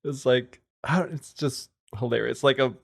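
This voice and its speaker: A man co-hosting a podcast, making slow, amused, wry quips in casual chat. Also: medium pitch, vocal fry, no room sound, clean studio sound. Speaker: podcast co-host.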